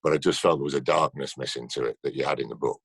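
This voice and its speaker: Super deep guy, gravelly and a bit husky, laughs while telling stories on a call. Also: very fast, fairly bright tone, no room sound. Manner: storytelling, laughs often. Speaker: actor guest. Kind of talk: casual interview chat. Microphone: video call.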